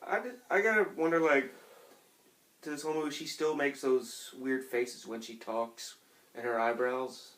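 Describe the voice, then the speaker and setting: A man co-hosting a podcast, speaking at a middling pitch. He poses musing, half-joking questions, casual and loose with many fillers. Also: fairly even intonation, moderate pace, a bit bright. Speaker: podcast co-host. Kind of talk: casual chat.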